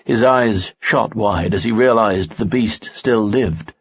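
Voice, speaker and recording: A man narrating a fantasy audiobook in a steady, measured way. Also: on the low side, breathy edge. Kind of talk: scripted narration. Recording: dull, dry lo-fi audio.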